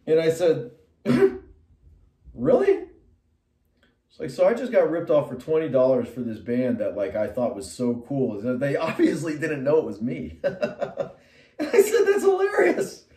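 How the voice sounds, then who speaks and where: A middle-aged man, a metal musician and artist, telling a long personal story to camera in a loose, digressive way, full of fillers and restarts, his voice jumping high and loud whenever he quotes himself. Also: animated, brisk. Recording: roomy sound from a distant mic.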